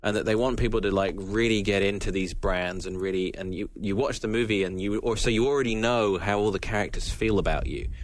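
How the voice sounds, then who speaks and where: A man co-hosting a casual podcast, quick to jump in with questions. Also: lowish voice. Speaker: podcast co-host. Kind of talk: casual chat.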